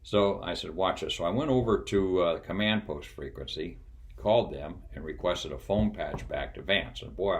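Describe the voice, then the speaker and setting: An older man with an extremely deep, low voice recalls his flying days. His talk is folksy and unhurried, full of pauses and little chuckles. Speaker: retired pilot and flight instructor. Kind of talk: casual storytelling.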